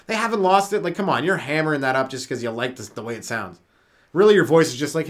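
An animated, fast, medium-pitched male voice drives this solo comedy podcast from Canada. The host is sleep-deprived, loose and rambling, swears a lot, and laughs at his own gags.

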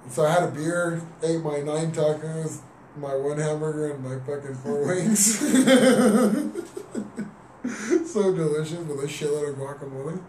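A man's voice: fairly high pitch, measured pace, darkish tone, slight background noise. A young man, telling a story in casual chat, slangy and swearing, switching between English and Spanish. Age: young adult. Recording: roomy distant mic with music. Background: music.

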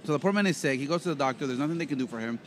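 A man with a fairly high, lively voice talks rapid-fire over a faint hiss or hum. He co-hosts a casual podcast and works as a professional interpreter, spinning rambling stories and joking around.

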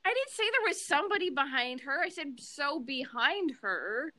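A young woman with a high, bright voice chats on a casual podcast. She tells stories with energy, slipping into quick impressions of the people involved. The sound is dry and close. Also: no room sound. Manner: animated storyteller, acts out quoted people. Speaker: podcast co-host.

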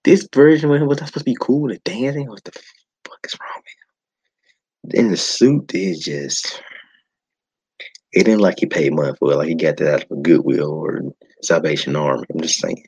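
A man's voice: low voice, a little fast, a little mellow, husky, rough recording. A man hosting a podcast, ranting in a casual, exasperated way with sighs and restarts. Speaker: podcast host. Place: home setup.

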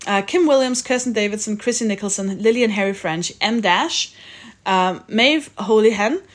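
A woman's voice: mid-range voice, moderate pace. Chatty podcast host woman. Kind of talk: casual chat and read-out outro.

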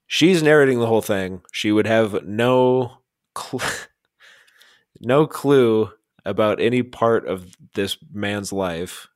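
A man co-hosting a podcast, chatting casually in a slow, rambling, self-deprecating way. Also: on the low side, no room sound, studio quality. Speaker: podcast co-host.

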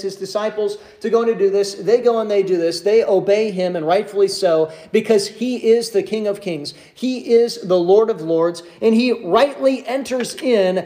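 A male pastor preaching a sermon, reading scripture and then retelling it in a lively way with many restarts. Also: sits high.

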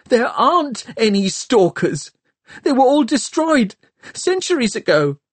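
A terrified young man whimpers in a high, panicky voice, as a male narrator acts him out. The tone is husky and the delivery slow. The sound is dry and close. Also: very animated, mellow, no echo, exaggerated voice. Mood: frightened. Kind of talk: audiobook character voice.

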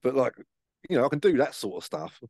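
A man's voice: medium pitch, big pitch swings, fast talker, darkish tone, no echo, clean studio sound. A man chatting casually on a podcast, swearing freely and acting out the voices in his stories. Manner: sweary, storytelling with acted-out voices. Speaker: podcast co-host. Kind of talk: casual chat.

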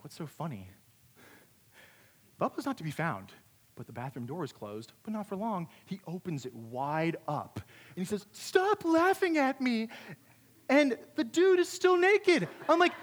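Animated young man telling stories in a hall. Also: high voice. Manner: animated, self-deprecating storyteller. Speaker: youth camp speaker. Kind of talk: storytelling youth talk. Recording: long hall reverb.

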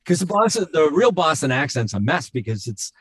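A male voice actor in casual podcast chat, rambling with fillers and slipping into quick voice demos. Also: on the high side, sing-song, husky, no room sound, clean studio sound. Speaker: voice actor and impressionist.

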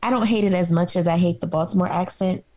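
A woman from Harlem, co-hosting a podcast in casual conversation, opinionated and quick to laugh. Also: lowish voice, mellow. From Harlem, New York. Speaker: podcast co-host. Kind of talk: casual chat.

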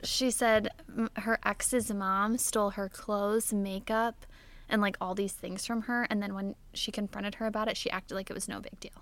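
A young woman co-hosting a podcast, telling a story in casual chat with lots of "like"s. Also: normal speed. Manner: animated storyteller, many "like"s, voice jumps high when retelling her yelling. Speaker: podcast co-host.

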